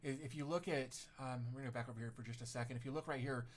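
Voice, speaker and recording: A man's voice: mid-range voice, steady tone, rapid-fire. A middle-aged man hosting a casual tech livestream, rambling and self-deprecating as he reads viewer comments, with many fillers and restarts.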